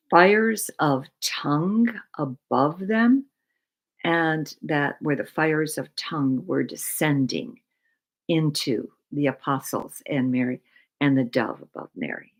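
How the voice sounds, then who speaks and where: A middle-aged woman giving a slow, reflective talk on mindful living, repeating words with long pauses. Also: deep voice, gravelly, rough recording.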